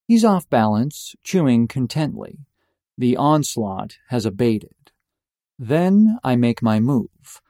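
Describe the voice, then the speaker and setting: Young male storyteller, deadpan and mock-epic, mellow tone, dry close sound. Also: medium pitch, no room sound. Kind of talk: personal story narration.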